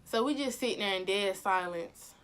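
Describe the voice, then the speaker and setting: A young woman vlogger telling a story in a casual, animated, slangy way. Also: mid-range voice, normal speed, clean tone. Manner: animated and slangy, acting out the exchanges.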